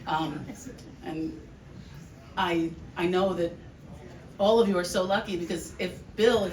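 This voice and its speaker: A woman giving a heartfelt memorial speech for her uncle, emotional and halting, with restarts and laughs. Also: mid-range voice. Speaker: family member giving a eulogy. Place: large hall with an audience. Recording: echoey room, distant mic, noisy.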